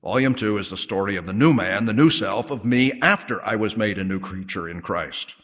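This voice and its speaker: A man preaching a sermon with measured, emphatic delivery, slowing to stress key words. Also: lowish voice, long reverb tail. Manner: measured emphatic preaching, drops to soft prayer.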